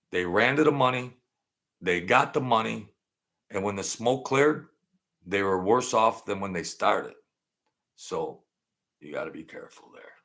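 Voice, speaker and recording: A man telling street stories in a rambling, halting way, often stammering and acting out other people's voices. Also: deep voice, fairly bright tone. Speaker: channel host telling mob stories. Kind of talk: casual storytelling monologue.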